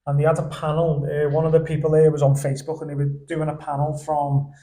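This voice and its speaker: A young man on a podcast, telling stories in a lively, animated way and laughing along as he goes. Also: fairly high pitch, quick pace, echoey room. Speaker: podcast guest. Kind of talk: casual storytelling chat. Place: indoor podcast studio.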